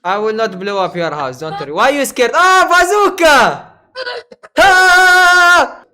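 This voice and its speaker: A man roasting strangers on a video chat, teasing and mocking them in loud bursts with sudden yelps and laughs. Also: high-pitched, animated, brisk. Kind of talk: loud joking banter.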